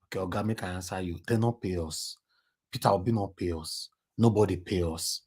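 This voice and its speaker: Hosting a live online talk show, a man with a Nigerian Pidgin English accent switches between Pidgin and English and teases the callers on his stream. His voice sits low, husky and darkish, and he talks a little fast.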